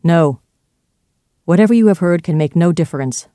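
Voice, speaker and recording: A reader voicing a fifty-year-old male doctor in a storybook reading, earnest and pleading but turning sharp and firm when pressed. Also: mid-range voice, lively intonation, moderate pace, dry recording, studio quality, natural voice. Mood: cold firm.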